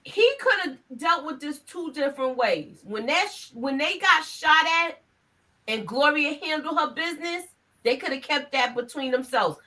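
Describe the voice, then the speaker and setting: A woman with a heavy New York accent joins a casual chat as a panelist. Her voice sits a little high and sounds bright, and she talks emphatically, often repeating herself. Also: expressive, normal speed.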